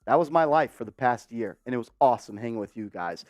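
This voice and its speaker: A man hosting a casual live-stream sports show, talking warmly and giving viewers shout-outs. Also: mid-range voice, expressive, fast, faint music behind.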